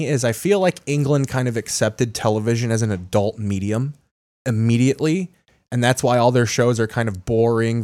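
A man's voice: medium pitch, a little mellow, dry recording. A man co-hosting a podcast, chatting casually, riffing opinions with plenty of swearing. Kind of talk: casual chat.

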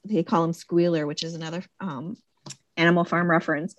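A woman in casual conversation about a movie, animated, jumping into high-pitched voices when she quotes characters. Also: fairly quick, no room sound, dull audio.

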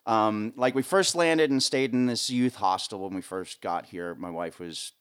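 In a fairly low, clean voice at a moderate pace, a middle-aged live sound rigger from the United States tells meandering stories during a relaxed interview. He fills his speech with fillers and slips into animated voices whenever he quotes someone.

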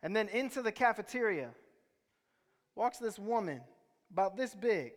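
A man's voice: sits high, lively intonation, moderate pace. A man preaching a sermon, telling stories in a conversational way and quizzing the congregation. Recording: reverberant hall.

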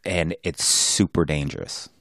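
A man co-hosting a podcast, chatting casually in an animated way, quick to joke and swear. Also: rumbling low, creaky, no room sound, clean studio sound. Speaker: podcast co-host.

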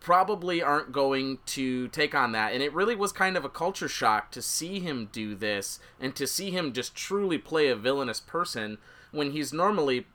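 A man hosts a casual film podcast, his voice bright and forward. He rambles, restarts sentences and circles back on his points as he talks. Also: expressive, normal speed. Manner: rambling, many restarts, quotes scenes in a high voice. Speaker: podcast host.

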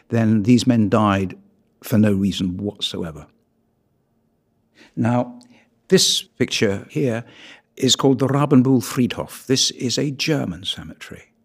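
A British photographer gives a public talk about his pictures, speaking in an earnest, measured manner and lifting his voice emphatically on key words. His voice sits lowish and is slightly mellow with a husky edge.

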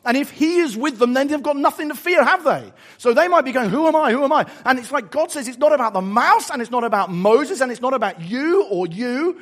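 A man preaching a sermon, telling a story in an animated, emphatic way before closing in prayer. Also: extremely high pitch.

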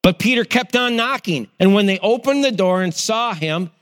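A middle-aged man preaching a sermon, animated, acting out people's reactions as he tells stories. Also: sits high, normal speed, long reverb tail. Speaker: pastor.

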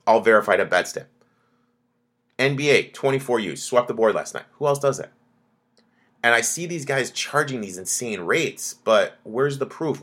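Male host, young adult, low-ish voice; blunt, profane solo podcast rant. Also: fairly bright tone. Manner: blunt, swears a lot, ranting. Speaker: sports betting podcast host.

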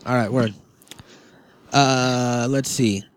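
A man's voice: mid-range voice, fairly even intonation, very slow, clean tone, no room sound. A man co-hosting a casual podcast chat, joking and swearing, acting out little made-up quotes. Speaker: podcast co-host.

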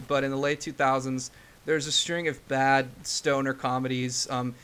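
A man's voice: mid-range voice, level tone, normal speed, fairly bright tone, smooth. A young man co-hosting a podcast, joking irreverently and swearing casually. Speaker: podcast co-host.

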